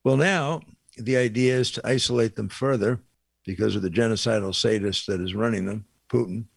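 A man's voice: on the low side, normal speed, vocal fry, slightly rough, no echo. Blunt, indignant older man. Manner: blunt, indignant, digressive with many fillers. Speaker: commentator. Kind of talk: opinionated radio monologue.

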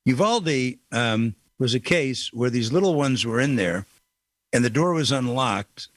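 A man's voice: mid-range voice, animated, a little slow, no echo. Emphatic male radio talk host, dry studio sound. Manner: emphatic, repeats key phrases, folksy.

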